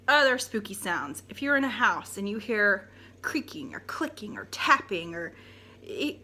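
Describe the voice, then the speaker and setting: A woman with a bright, sharp-edged voice rants straight to camera. She sounds blunt and fed up as she lectures her listeners, like a paranormal investigator setting the record straight. A faint hiss of noise sits under her voice. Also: medium pitch. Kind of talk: direct-to-camera rant.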